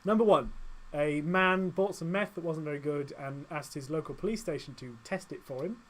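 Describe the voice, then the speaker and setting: Young british guy joking around on a radio show, bit high voice, faint hiss behind. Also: rough recording. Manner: joking, quick, reads out news items. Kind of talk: casual radio banter. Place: radio studio.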